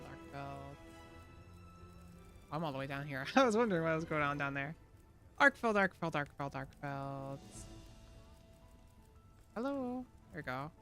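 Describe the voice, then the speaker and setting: A woman streaming a game, chatting casually and excitably with rambling asides to her viewers. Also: sits low. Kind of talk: casual live-stream chat while gaming.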